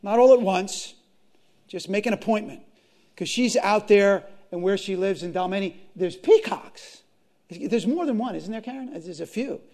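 Preacher guy, high gravelly voice, goes loud then real quiet, keeps repeating himself. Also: moderate pace. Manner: impassioned, swings from loud to hushed, repeats phrases, addresses congregation. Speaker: pastor. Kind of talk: sermon.

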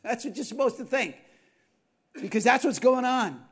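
A man's voice: extremely high pitch, animated, normal speed, a bit bright, slightly rough. A man preaching a sermon, retelling a story with asides and frequent questions to his listeners. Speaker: pastor.

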